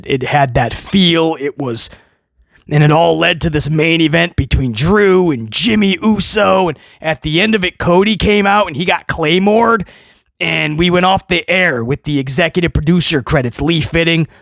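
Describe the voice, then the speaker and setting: A man hosting a wrestling review, ranting sarcastically and swinging between loud mocking outbursts and low muttering. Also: no echo, clean studio sound. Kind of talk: opinionated review rant.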